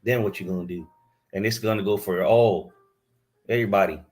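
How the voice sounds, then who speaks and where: A man's voice: fairly low pitch, a little fast, darkish tone, soft background music. A man preaching a fiery sermon, scolding his listeners and reading scripture aloud into a camera he set up himself.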